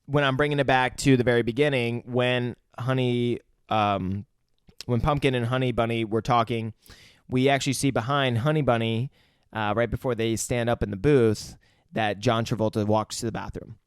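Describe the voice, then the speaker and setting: A man co-hosting a casual podcast movie review, getting excited and acting out scenes with loud shrieks. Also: moderate pace, smooth, no echo, studio quality. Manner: excitable, acts out lines in shrill shouts. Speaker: podcast co-host.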